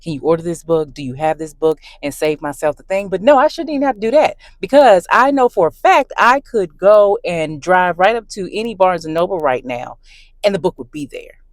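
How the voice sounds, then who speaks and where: A woman telling a story to her camera in a casual, emphatic rant, talking with animated emphasis. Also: mid-range voice, moderate pace, no room sound. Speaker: book vlogger. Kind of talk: casual ranting vlog. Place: in her car.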